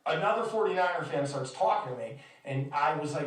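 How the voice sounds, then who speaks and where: A man's voice: fairly high pitch, lively intonation, fairly quick. A man hosting a podcast, telling a story in a casual, heavily profane, exasperated way. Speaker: podcast host. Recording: echoey room, distant mic.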